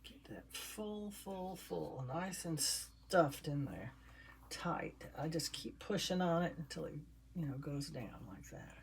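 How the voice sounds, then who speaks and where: Speaking slowly with vocal fry and lively intonation, an older woman with a low-pitched voice chats to her viewers. She stuffs and assembles a handmade doll as she talks, in a casual crafting vlog with slight background noise.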